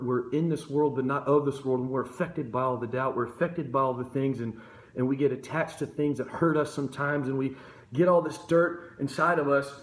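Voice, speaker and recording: A man preaching an impassioned devotional sermon, fervent and building to intense emotional peaks. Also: fairly high pitch. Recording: echoey room, phone-captured video.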